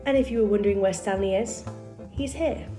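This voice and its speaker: A woman's voice: medium pitch, fairly quick, warm tone, soft background music. A woman chatting casually to her viewers as she tours her apartment in a vlog. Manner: chatty, upbeat, addresses viewers directly. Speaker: lifestyle vlogger. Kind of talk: casual home-tour vlog.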